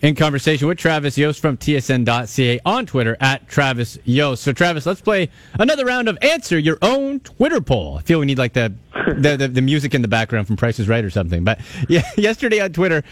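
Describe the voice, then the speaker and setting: A man's voice: a little high, very animated, a little fast, no echo. A man hosting a radio interview, upbeat and jokey as he sets up a new segment. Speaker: radio host.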